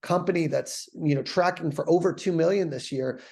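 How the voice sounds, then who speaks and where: A sales coach walks viewers through a recorded training presentation. His voice sits a little higher than most men's. He speaks earnestly and conversationally, checking in with "right?" and pausing on fillers. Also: gravelly, a little mellow.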